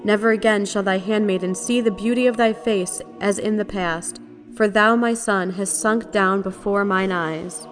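A woman's voice: medium pitch, fairly even intonation, normal speed, soft background music, lightly acted. A woman reading the lament of a grieving mother over her dead son, in solemn, archaic prayer language. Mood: mournful. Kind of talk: liturgical reading.

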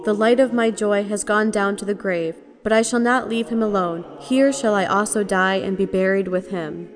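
A woman's voice: medium pitch, steady tone, moderate pace, faint music behind, natural voice. Woman reading as a grieving mother. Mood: mournful. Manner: solemn, archaic prayer language. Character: grieving mother lamenting her dead son. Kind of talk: liturgical reading.

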